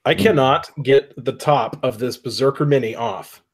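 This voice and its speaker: A man's voice: mid-range voice, normal speed. A man with a Minnesotan accent chatting casually on a livestream, laid-back and stammering at times.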